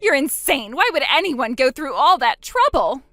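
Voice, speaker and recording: A woman's voice: on the high side, big pitch swings, unhurried, a bit bright, no room sound, faint music behind. A woman voicing a boastful, spiteful young woman who mocks her sister in a text-story drama. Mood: shocked. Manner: smug, mocking, gloating.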